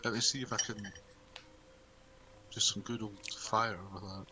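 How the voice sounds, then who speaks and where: A man playing a tabletop game, asking the game master relaxed questions. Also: fairly low pitch, a little slow, noisy background. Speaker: player. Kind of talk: casual tabletop play.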